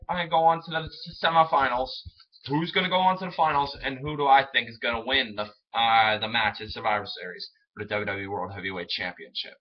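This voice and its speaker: A young man chatting casually as a fan vlogger, rambling and excitable, often stumbling over his words. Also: medium pitch. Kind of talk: casual solo commentary. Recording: dull lo-fi home recording.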